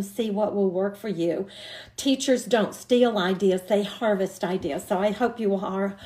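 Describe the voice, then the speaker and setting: A woman's voice: mid-range voice, a little mellow. An older woman, an early childhood educator, giving an encouraging teacher training talk and breaking into short demonstration songs.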